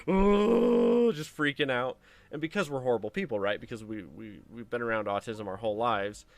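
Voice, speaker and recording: Man, game streamer, bright tone, casual storytelling, faint music behind. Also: medium pitch. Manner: animated anecdote telling with acted-out quotes.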